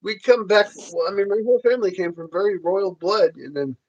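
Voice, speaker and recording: High, lively Southern man joking on stream. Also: fairly quick, highs cut off. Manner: joking, teasing, animated. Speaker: livestream host. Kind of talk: casual livestream chat.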